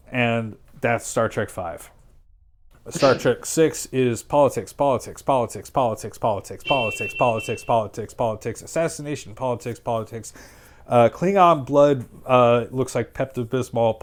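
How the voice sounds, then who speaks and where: A man hosting a stream, casually retelling plots in a sarcastic, rambling way with quick quoted asides. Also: medium pitch, slight background noise. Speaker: streamer host. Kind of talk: casual chat.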